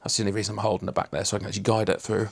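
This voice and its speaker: A man's voice: lowish voice, level tone, rapid-fire, gravelly, slight background noise. A man hosting a casual livestream, chatting and teasing viewers while he works on a guitar. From Lincolnshire, England. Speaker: livestream host.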